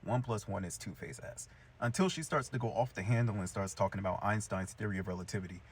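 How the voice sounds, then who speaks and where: Husky-voiced young man recapping a cartoon. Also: on the low side, fast talker. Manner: chatty, slangy, animated storytelling. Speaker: cartoon reviewer. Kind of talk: casual episode recap.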